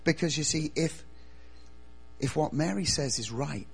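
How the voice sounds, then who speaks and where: A man preaching a lively sermon, dropping from loud outbursts to quiet, earnest asides. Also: a little high, a little slow, creaky, breathy edge, faint music behind. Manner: animated storytelling, swings from loud to quiet.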